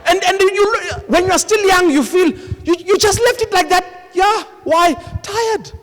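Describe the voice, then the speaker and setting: High-pitched male pastor, lively storytelling sermon, big echoey congress hall. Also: measured pace. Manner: animated, storytelling, acts out couples' exchanges. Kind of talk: live sermon. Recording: long hall reverb from a live congress.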